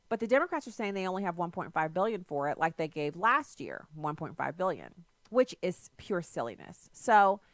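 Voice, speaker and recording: A woman's voice: on the low side, no echo. A woman hosting a political talk radio show, delivering a sarcastic, emphatic monologue into a studio microphone.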